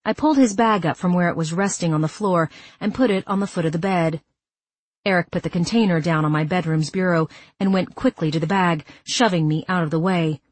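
A woman narrating a first-person story in a measured, even delivery. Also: lowish voice, no room sound. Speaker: audiobook narrator.

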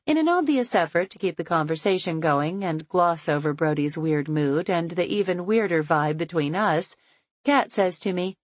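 A woman narrating a first-person novel as an audiobook, in a measured, tense way. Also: lowish voice, dry recording.

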